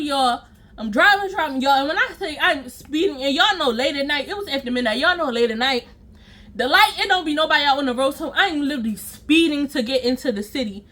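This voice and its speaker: A woman vlogger telling a personal story in an animated, emphatic and profane way, acting out scenes with sound effects. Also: high-pitched.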